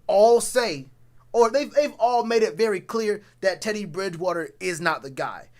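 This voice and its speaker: A man's voice: high-pitched, expressive, moderate pace. A man streaming a casual, slangy sports rant, blunt and repeating phrases for emphasis. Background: talks to a live chat.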